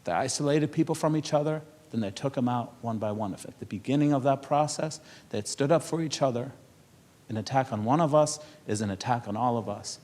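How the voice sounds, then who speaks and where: Speaking briskly in a medium-pitched, slightly mellow voice, a man from Europe addresses a public panel audience in a conversational way. He tells anecdotes, laughs often and repeats words.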